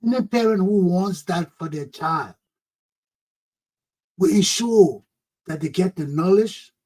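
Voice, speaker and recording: A man's voice: high voice, animated, slow, mellow, rough recording. A man hosting a talk show, telling a childhood story with a lot of feeling and teaching a parenting lesson, often exclaiming "oh, man".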